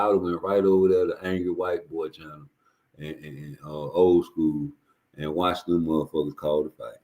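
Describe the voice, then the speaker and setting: A man's voice: extremely low pitch, fairly even intonation, normal speed, darkish tone. A man ranting casually on a live stream, profane, rambling and repeating himself.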